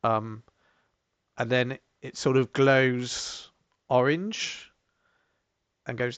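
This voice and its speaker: A man runs a tabletop game, narrating slowly and picking his words with little pauses. His voice sits at an ordinary middle pitch. The sound is dry and close, with no room around it. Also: fairly even intonation, clean tone, no echo, dull audio. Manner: unhurried, hesitant narration with fillers. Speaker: game master.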